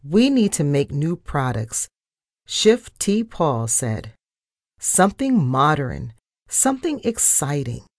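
A woman reading a children's storybook aloud, narrating and giving the characters' lines with lively expression. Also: sits low, no room sound, studio quality.

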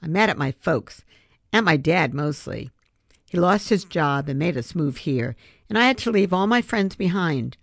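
A woman's voice: lowish voice, lively intonation, moderate pace, no room sound. A grumpy, touchy boy who is sore about moving away, as a woman reading aloud puts him on. He sounds sulky and defensive. The sound is dry and close.

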